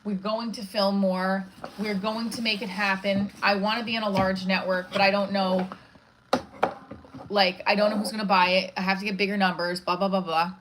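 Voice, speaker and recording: A woman's voice: medium pitch, little pitch movement, moderate pace, background noise. A woman hosting a casual live stream, rambling, restarting her sentences and reading viewer comments aloud. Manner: rambling, restarts often, reads chat aloud. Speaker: livestream host.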